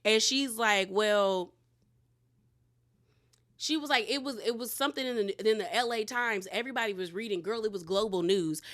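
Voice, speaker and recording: A woman's voice: medium pitch, moderate pace, a bit bright. A woman hosting a casual recap of a reality TV episode. She talks bluntly in slang and acts out the cast members' lines as she retells them.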